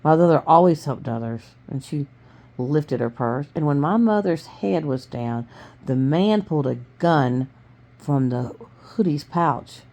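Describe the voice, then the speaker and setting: Woman reading a story aloud, low-voiced. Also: measured pace. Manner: steady with small stumbles. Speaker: reader.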